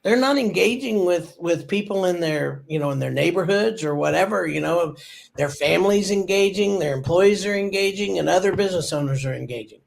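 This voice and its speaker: A man's voice: sits high, expressive, a little fast, gravelly. A man co-hosting a marketing talk show, easygoing and self-deprecating in casual chat.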